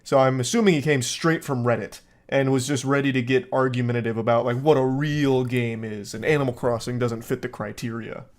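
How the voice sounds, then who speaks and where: A man's voice: medium pitch, fairly even intonation, brisk, few pauses. A man reading text messages aloud and mocking them in dry, sarcastic comedy commentary, swearing freely. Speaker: commentary host.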